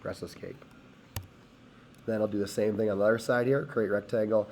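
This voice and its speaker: Hoarse man walking through a CAD tutorial. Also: fairly low pitch, steady tone, moderate pace, darkish tone, a little hiss or hum. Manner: step-by-step, talks while clicking. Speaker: teacher. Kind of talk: screen-recorded CAD tutorial.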